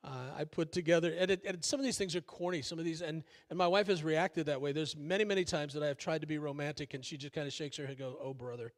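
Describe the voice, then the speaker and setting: A man's voice: on the high side, steady tone, fast talker, few pauses. An older man preaching a sermon as pastor, folksy and conversational, with many fillers and self-deprecating asides. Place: church sanctuary.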